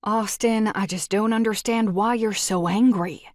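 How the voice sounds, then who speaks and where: A woman's voice: medium pitch, steady tone, a little slow, darkish tone, no room sound, clean studio sound, natural voice. A woman voicing a stubborn young college woman who pleads in a raised, urgent voice. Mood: pleading.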